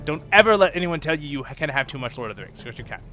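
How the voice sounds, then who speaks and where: A man's voice: on the high side, animated, fast, bright, forceful tone, faint music behind. A man hosting a gaming channel, chatting enthusiastically and rambling while he plays. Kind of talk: casual gameplay commentary.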